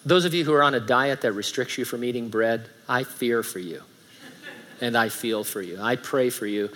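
A man's voice: medium pitch, normal speed, fairly bright tone. A man preaching a sermon as pastor, reading scripture aloud with rising emphasis and some light humor.

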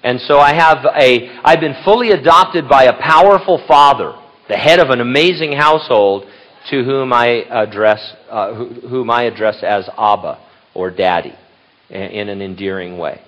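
A man's voice: medium pitch, moderate pace, fairly bright tone. An older man, a grandfather and pastor, preaching in a casual, rambling way with restarts and asides. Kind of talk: conversational sermon. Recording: dull lo-fi recording.

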